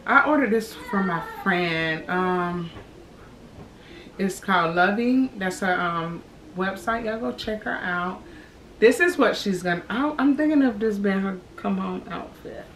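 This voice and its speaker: A woman in her thirties who is pregnant vlogs casually, slightly breathless, addressing viewers as "y'all" as she talks. Her mid-range voice is fairly bright and unhurried, and the distant camera mic in an echoey room at home picks up slight background noise.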